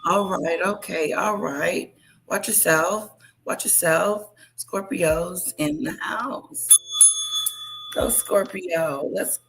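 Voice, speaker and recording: Low, gravelly woman hosting a livestream. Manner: chatty, repeats greetings to viewers. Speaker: livestream host. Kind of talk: casual live-stream chat.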